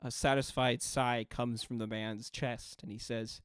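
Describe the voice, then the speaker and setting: A man running a tabletop game as game master, narrating scenes in a measured, descriptive way. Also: mid-range voice, flat delivery, fairly bright tone, smooth, dry recording, clean studio sound.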